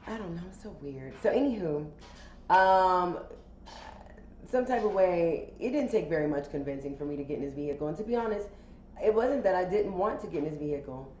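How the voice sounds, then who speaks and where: A woman's voice: fairly low pitch, expressive, a little fast, a little mellow. A woman telling a casual, candid story for a podcast, chatty and profane, full of fillers. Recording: roomy, dull sound with faint noise.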